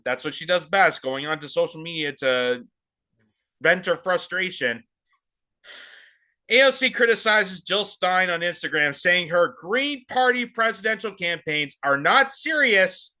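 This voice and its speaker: A man's voice: sits high, big pitch swings, unhurried, pushed and bright. A man hosting political commentary, ranting in a heated, sarcastic way. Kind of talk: opinionated commentary.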